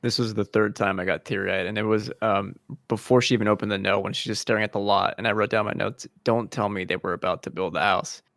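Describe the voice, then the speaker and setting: A man's voice: fairly low pitch, steady tone, fast talker, creaky, few pauses, fairly bright tone, dry recording, clean studio sound. A man co-hosting a podcast in casual chat, earnest and questioning, often repeating words as he starts a thought. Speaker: podcast co-host.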